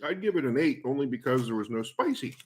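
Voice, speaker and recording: A man's voice: mid-range voice, big pitch swings, fast, a little mellow. A man chatting casually on a home vlog as co-host, with dry joking remarks between snack bites. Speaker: co-host, family member. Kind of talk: casual chat.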